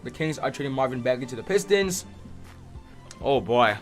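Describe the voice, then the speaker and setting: A young man hosting a live sports stream, reacting excitedly and answering chat by name. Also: mid-range voice, moderate pace, soft background music. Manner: excitable, reads chat names aloud.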